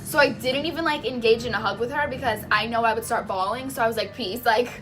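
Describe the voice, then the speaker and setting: A young woman telling a personal story in a casual vlog, acting out the voices of the people in it, laughing often and dropping to a hush at tense moments. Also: on the high side, fast talker. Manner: animated, acts out the voices in her story. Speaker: patient telling her surgery story.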